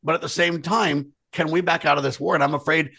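A man talks politics as a co-host, leaning hard on his points and speaking straight to the audience. His voice is somewhat husky and sits a bit high. The recording is close and dry. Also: steady tone, brisk, pushed and bright, no room sound. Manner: earnest, emphatic, addresses listeners directly. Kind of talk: political commentary chat.

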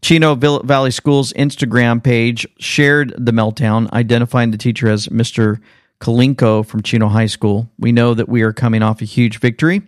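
A man hosting political commentary in an animated, sarcastic manner, reacting to clips. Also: mid-range voice, moderate pace, no echo, studio quality. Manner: animated, sarcastic, jumps between clips and remarks. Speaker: commentary host.

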